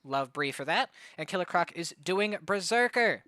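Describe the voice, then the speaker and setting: Hyped-up high-voiced male caster. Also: normal speed, dry recording. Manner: hyper, excitable play-by-play with bursts of shouting. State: out of breath. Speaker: tournament caster and streamer. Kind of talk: live esports commentary.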